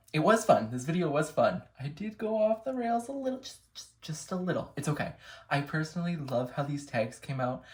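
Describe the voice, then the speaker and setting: A man's voice: mid-range voice, a little mellow, slightly rough. A playful man walks through a crafting demo in a loose, chatty way. He makes joking asides as he works. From Massachusetts. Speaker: craft demonstrator on a design team. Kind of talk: casual crafting tutorial.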